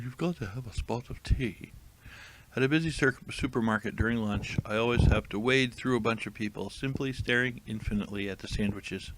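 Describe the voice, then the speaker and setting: Male comic reader, lowish voice, dry and amused, casual asides. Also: a little hiss or hum. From United States. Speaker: comedic reader of tweets. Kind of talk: casual comedic commentary.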